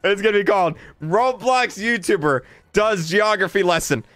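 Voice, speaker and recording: Exasperated male streamer, smooth and dry. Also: high-pitched, normal speed, fairly bright tone, no echo, soft background music. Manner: exasperated, repeats himself, stammers and laughs. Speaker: livestreamer. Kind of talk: livestream chat commentary.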